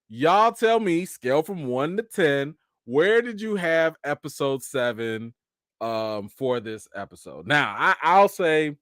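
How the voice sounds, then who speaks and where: Animated man chatting casually. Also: on the high side, no echo, studio quality. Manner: animated, joking, loose slangy talk. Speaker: TV show reaction host. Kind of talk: casual live-stream chat.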